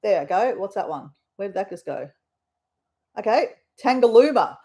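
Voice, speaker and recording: A woman's voice: medium pitch, lively intonation, moderate pace, dark tone. An Australian woman hosting a casual live stream, chatting in a rambling way with her viewers. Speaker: livestream host.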